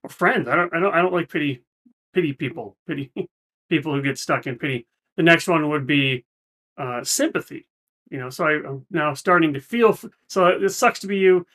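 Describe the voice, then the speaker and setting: A man's voice: on the high side, fairly quick, bright, forceful tone. A man hosting a reaction video, explaining ideas in a thoughtful, casual way with frequent restarts. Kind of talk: casual commentary.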